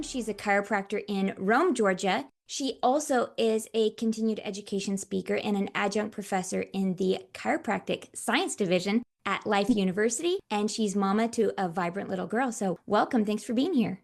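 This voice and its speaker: A woman's voice: mid-range voice, normal speed, creaky, few pauses, faint music behind. A woman hosting a podcast, introducing her guest and asking questions in an upbeat, encouraging way. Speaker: podcast host. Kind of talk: podcast interview.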